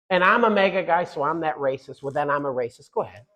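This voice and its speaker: A middle-aged man giving a fiery political speech, loud and punchy with repeated lines and quiet asides. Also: fairly high pitch, lively intonation, fast, rough recording.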